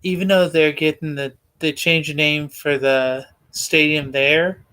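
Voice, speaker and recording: A man co-hosting a sports podcast, explaining calmly in casual chat. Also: a little high, unhurried, clean tone. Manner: calm explainer with many short backchannels.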